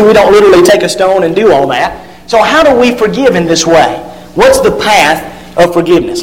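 High-voiced preacher in a reverberant hall. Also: male voice, slight background noise. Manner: emphatic, drawn-out stresses on key words. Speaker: pastor. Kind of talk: sermon with scripture reading.

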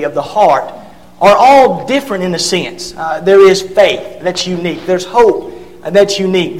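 A man's voice: high voice, big-room sound, poor audio. A man preaching a sermon, earnest, with fillers and repeated words as he reads scripture aloud.

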